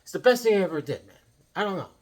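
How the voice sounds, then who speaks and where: A worn-out man tells rambling, jokey stories with plenty of excitement. His voice sits fairly high for a man. He talks casually from a comic room in his home. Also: racing, breathy edge. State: tired from lack of sleep. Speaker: comic collecting channel host.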